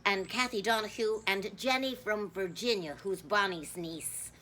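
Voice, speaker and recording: A woman with an Irish accent, rambling through a comic monologue as a nun, chatty and mock-pious with deadpan dark jokes. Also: mid-range voice, measured pace, a little hiss or hum. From Ireland. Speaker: comedian in a nun persona. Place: outdoors, with passers-by.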